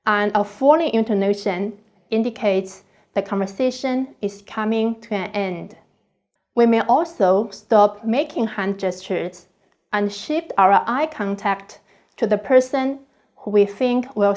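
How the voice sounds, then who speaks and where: A woman reading a scripted online course lecture slowly and carefully, with deliberate pauses. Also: medium pitch, darkish tone.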